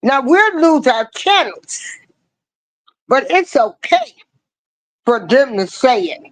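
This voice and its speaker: An older woman giving ranting commentary, hammering the same rhetorical questions and swinging between rising cries and low asides in slangy speech. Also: very animated, slow, no room sound, poor audio. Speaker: online commentator.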